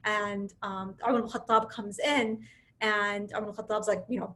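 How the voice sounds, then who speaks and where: A woman's voice: mid-range voice, fast talker. A woman giving a casual religious talk over a video call. She tells stories animatedly, often restarting phrases and asking "right?". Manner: animated storytelling, frequent restarts and tag questions. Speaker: speaker giving a religious reminder.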